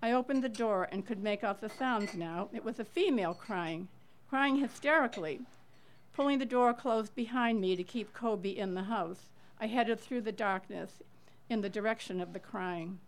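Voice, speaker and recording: A middle-aged woman reading a personal true story aloud to listeners, measured and earnest, leaning into the tense moments. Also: medium pitch.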